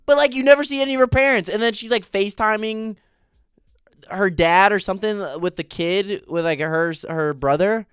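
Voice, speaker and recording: A man's voice: sits high, moderate pace, a bit bright, clear, resonant tone, dry recording, studio quality. A man giving a casual, opinionated TV recap, ranting in a profane, exasperated way. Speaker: TV recap vlogger.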